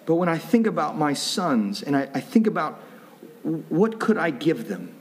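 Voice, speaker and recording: A middle-aged man preaches in a loose, conversational way, often breaking off and restarting mid-thought. His voice sits a little high for a man. A faint hum of ambience sits behind him. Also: sing-song, moderate pace. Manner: conversational, self-interrupting, jokey asides. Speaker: pastor. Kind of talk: sermon.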